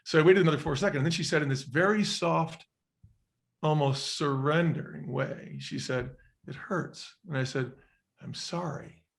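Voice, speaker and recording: A man's voice: a little high, moderate pace, creaky. Earnest man telling a personal story. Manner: earnest, reflective storytelling with acted-out quotes. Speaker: interview guest, former restaurant chain executive. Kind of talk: storytelling in a podcast interview.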